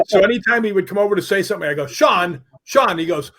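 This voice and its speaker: A man on a podcast spins lively anecdotes, laughing as he goes. His voice sits a little higher than most men's. He talks in a loose, conversational way. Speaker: podcast guest. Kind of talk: casual storytelling chat.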